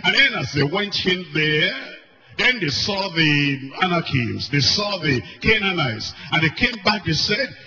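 Emphatic preacher man, bright forceful voice. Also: on the high side, sing-song, a little slow. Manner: emphatic, repeats key phrases, swings between loud and soft. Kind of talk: sermon. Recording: dull lo-fi recording with faint music. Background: faint music.

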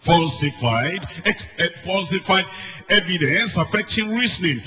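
Emphatic preacher man, bright forceful voice. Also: on the high side, animated, normal speed. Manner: emphatic, repeats key phrases, swings between loud and soft. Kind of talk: sermon. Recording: dull lo-fi recording with faint music. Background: faint music.

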